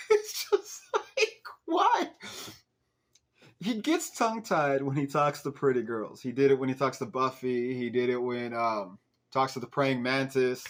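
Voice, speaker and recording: A young man casually recapping a TV episode as a podcast host, animated, laughing and swearing at the plot. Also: mid-range voice, moderate pace.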